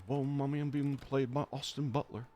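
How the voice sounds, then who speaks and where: A young man streaming a horror game live, rambling off on tangents with frequent swearing and laughter, and reading the on-screen text aloud quickly. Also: medium pitch, flat delivery, mellow, soft background music. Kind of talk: live gameplay commentary.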